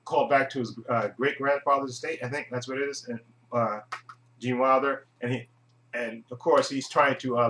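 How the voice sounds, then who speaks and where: A man giving a casual, rambling movie review monologue, chuckling often and filling pauses with "uh". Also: medium pitch, bright, forceful tone. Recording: echoey room.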